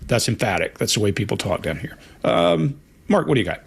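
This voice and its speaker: A man's voice: mid-range voice, very animated, fairly quick, vocal fry, husky. Long-winded Texan man. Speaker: body language analyst. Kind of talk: casual commentary on video clips.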